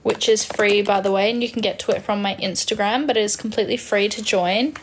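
A woman in her twenties from Western Australia, speaking with an Australian accent, chats casually on a phone live stream and reads out viewer comments. Her voice sits at a medium pitch with fairly even intonation and a brisk pace. There's a slight hiss or hum in the recording.

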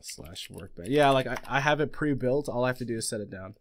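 A young man hosting a casual gaming let's play, talking fast and getting excitable, laughing at his own mishaps. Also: mid-range voice, a little hiss or hum.

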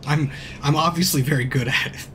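Young guy streaming a game, rambles and swears a lot, kinda high voice, bit of music under it. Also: brisk. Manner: rambling, swearing, animated storytelling. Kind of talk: live-stream gameplay commentary.

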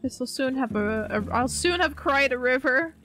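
A woman streaming a game, chatting gently and playfully to the characters on screen. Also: high-pitched, lively intonation, moderate pace. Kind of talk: casual gameplay commentary. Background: faint game music.

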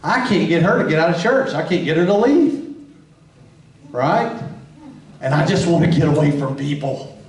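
A man's voice: on the high side, lively intonation, normal speed, long pauses, echoey room, far from the mic, slight background noise, low-quality recording. A man speaking at a marriage conference in a church setting, telling candid, self-deprecating stories about his own marriage. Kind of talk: church talk. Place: church hall.

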